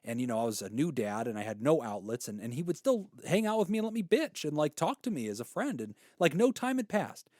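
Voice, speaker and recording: Lively casual man telling a story. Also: fairly high pitch, fast talker, few pauses, no room sound, studio quality. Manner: animated storyteller, acts out quoted voices, laughs easily. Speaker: podcast co-host. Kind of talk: casual chat.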